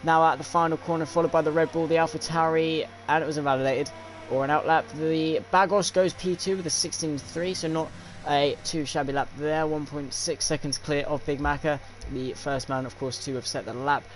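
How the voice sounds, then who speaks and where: A young man commentating a sim racing league stream, with many fillers and pauses. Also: on the high side, fairly even intonation, a little hiss or hum. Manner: filler-heavy, hesitant play-by-play. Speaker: lead commentator.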